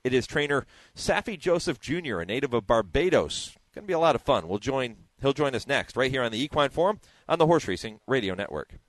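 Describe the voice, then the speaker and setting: A man's voice: medium pitch, lively intonation, fairly quick, hardly any pauses, dry recording. A man hosting a radio show, chatting casually with restarts and asides.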